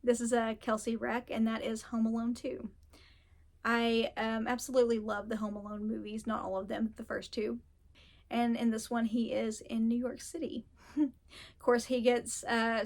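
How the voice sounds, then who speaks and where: Chatty woman with a fairly high voice. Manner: chatty storytelling, laughs often. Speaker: book vlogger. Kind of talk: casual chat.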